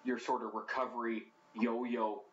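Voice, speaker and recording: A man's voice: medium pitch, flat delivery, unhurried, lo-fi sound, a crowd in the background. A man hosting a podcast interview, prompting his guest with short affirming questions. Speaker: podcast host. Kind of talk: conversational interview.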